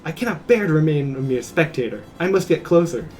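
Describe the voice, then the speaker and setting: A man's voice: on the high side, lively intonation, a little fast, a little mellow, natural voice. A man voicing a refined young woman who speaks in a lofty, formal way, reading game lines on a stream.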